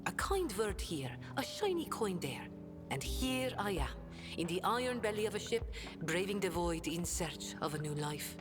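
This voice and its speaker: A woman's voice: mid-range voice, very animated, moderate pace, lightly acted. A woman voicing a sly smuggler-trader. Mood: wistful. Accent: non-standard accent. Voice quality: theatrical, swooping delivery with sudden hushed asides. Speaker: game companion character. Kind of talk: video game voice acting. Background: game music.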